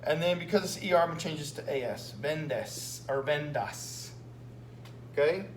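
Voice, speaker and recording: A man speaking very fast in a slightly high voice reviews a written exam in his Spanish class. Patiently and repetitively, he explains each point and keeps asking "okay?" The recorded lesson has echo and a faint hum.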